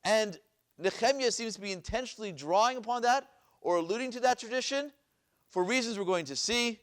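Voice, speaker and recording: A rabbi gives a Bible lesson in a synagogue classroom, reading Hebrew verses aloud and asking his audience questions that he then repeats. He has a high voice, a bit bright, and speaks fairly quickly.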